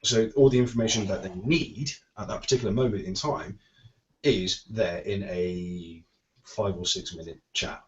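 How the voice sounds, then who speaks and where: A man's voice: deep voice, moderate pace, slight background noise. Chatty man, dull lo-fi sound. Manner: chatty, rambling, bursts of laughter. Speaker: show co-host and vape shop worker. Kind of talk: casual chat.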